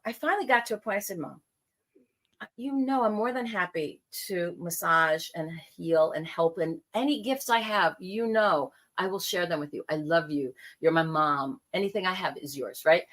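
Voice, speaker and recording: A middle-aged woman from New York talking casually, telling animated stories and acting out the voices of people she quotes. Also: on the low side, moderate pace. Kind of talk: casual conversation.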